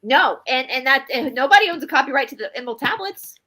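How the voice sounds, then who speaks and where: Bright, lively woman hosting a live stream. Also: high-pitched, fast, rough recording. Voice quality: animated, laughs readily. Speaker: co-host of a live spiritual talk stream. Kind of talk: casual live-stream chat.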